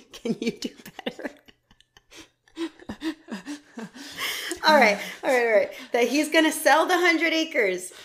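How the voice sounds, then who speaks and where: Her pitch is high and her pace slow, with long pauses, as this woman hosts a podcast. She relates a true crime story in a casual, animated way, laughing a lot and cursing freely.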